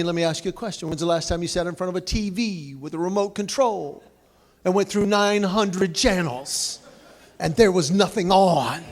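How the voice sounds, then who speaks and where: A man giving a humorous after-dinner speech at a banquet, telling folksy stories with comic asides. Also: sits high. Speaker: banquet speaker.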